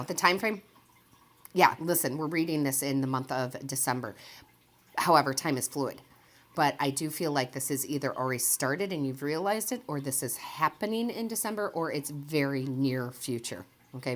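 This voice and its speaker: A woman with a strikingly deep, low-pitched voice talks her viewers through a tarot reading. She is chatty and enthusiastic, rambles off on tangents and laughs often. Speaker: tarot reader and medium. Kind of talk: casual tarot reading to camera.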